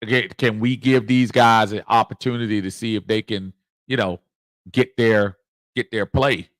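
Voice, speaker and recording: A middle-aged man hosting a casual sports livestream, reading out viewer comments in a lively, chuckling way. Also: lowish voice, normal speed, no echo. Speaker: livestream host.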